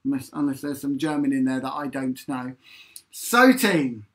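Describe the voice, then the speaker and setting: A man's voice: mid-range voice, expressive, normal speed, fairly bright tone. A man leading an online sing-along as a musician. He is upbeat and chatty, reads out viewer comments and counts in the beats. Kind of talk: chatty live-stream singing lesson.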